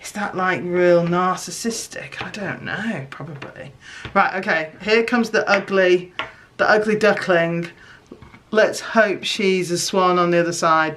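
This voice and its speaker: A woman chatting casually as she shows her homemade crafts, excitable and self-mocking. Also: fairly low pitch, a little slow, a little hiss or hum. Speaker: crafting vlogger. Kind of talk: casual craft chat to camera.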